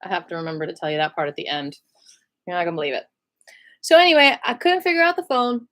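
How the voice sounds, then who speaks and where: A young woman telling a personal story to camera in an emotional vlog, acting out the voices of the people in it. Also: quick pace. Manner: animated, acts out other people's lines with big pitch jumps.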